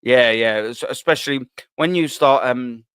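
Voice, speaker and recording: A London-accented Englishman in his thirties hosts a live stream, casually going through comments with loose, slang-filled banter and ready laughs. His medium-pitched voice is fairly bright, clear and resonant, at a moderate pace. The recording is dry.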